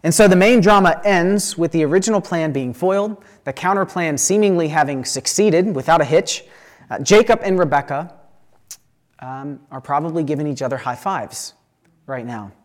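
A man reading a scripture passage aloud and then explaining it in a relaxed, conversational teaching style, often checking in with his listeners. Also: fairly high pitch, normal speed. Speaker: Bible teacher.

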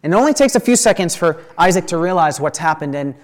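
Male Bible teacher, voice a bit high, conversational commentary after reading the text. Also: animated, quick pace. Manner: conversational, often checks in with "right?".

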